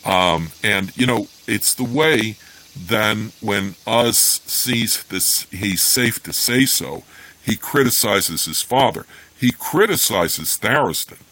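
A man with a low, slightly husky voice reads fantasy prose aloud at an even pace. Between passages he talks it over, hesitant and full of fillers. His pitch moves a lot as he speaks. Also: slow, poor audio. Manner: hesitant, many fillers and restarts in commentary; plain steady reading of the narration. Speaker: podcast host reading a novel aloud and discussing it. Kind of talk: reading aloud then casual commentary.

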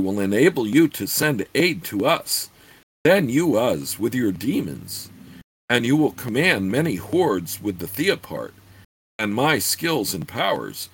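A man's voice: mid-range voice, husky, dry recording, heavily acted. A man reading an ancient scheming witch. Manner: measured, formal speech. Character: ancient scheming witch woman, smooth and persuasive.

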